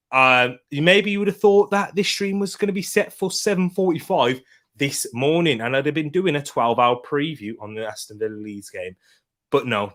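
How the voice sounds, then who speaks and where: A young man hosting a live football watchalong stream from home, tired, chatting casually, giving slangy shout-outs and reading out viewers' comments. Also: medium pitch. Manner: chatty, greets viewers and reads out chat comments.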